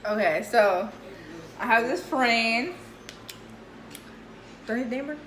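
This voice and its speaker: Bright-voiced woman telling a story. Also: a little high, lively intonation, slow. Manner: chatty, retells dialogue, laughs often. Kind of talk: casual storytime chat. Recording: echoey room with faint noise.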